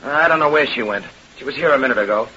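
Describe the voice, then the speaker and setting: A man's voice: medium pitch, fast talker, sharp tone, slightly rough. A man playing a brash young vaudeville dancer who talks in blustering, ungrammatical slang, in 1930s radio acting. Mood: defensive. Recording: lo-fi old radio recording with faint hiss.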